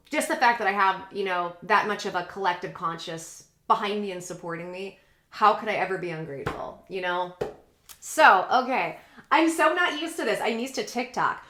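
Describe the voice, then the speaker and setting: A woman's voice: medium pitch, a little hiss or hum. A woman talking to her audience in a casual, rambling vlog. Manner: chatty, rambling, animated. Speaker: vlogger. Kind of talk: casual vlog talk to camera. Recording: echoey room.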